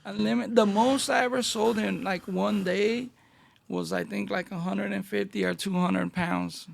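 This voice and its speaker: La guy, middle-aged, raspy fry all over, high-ish voice, telling stories w/ lots of slang. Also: measured pace. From Northeast Los Angeles. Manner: animated street-slang storyteller, acting out dialogue. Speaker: guest. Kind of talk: casual storytelling interview.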